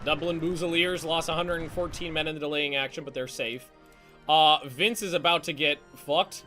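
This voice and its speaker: A fairly high, bright and forceful male voice running commentary over a live strategy game stream. He stumbles and restarts his sentences and swears casually. He shouts orders at his units, and faint music plays underneath. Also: steady tone. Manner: barks quick orders to units, voice jumps up when alarmed.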